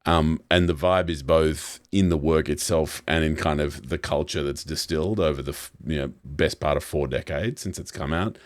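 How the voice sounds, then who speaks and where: A man's voice: extremely low pitch, normal speed, few pauses, dry recording, studio quality. A man co-hosting a podcast, wry and rambling, drifting into self-deprecating asides. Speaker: podcast co-host. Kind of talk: casual chat.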